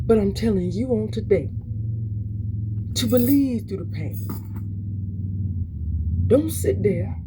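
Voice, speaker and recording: A woman's voice: medium pitch, lively intonation, measured pace, long pauses, noisy background. A woman preaching a weekly motivational encouragement, fervent and repetitive, urging listeners on with many restarts. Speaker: motivational speaker.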